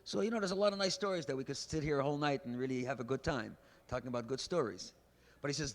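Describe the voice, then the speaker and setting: Rabbi giving a sermon, mid pitch, gets loud and pushy on his points, light background hiss. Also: fast. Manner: emphatic, preachy, builds to loud exhortations. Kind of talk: sermon with storytelling. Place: large synagogue hall. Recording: faint background noise, archival event recording.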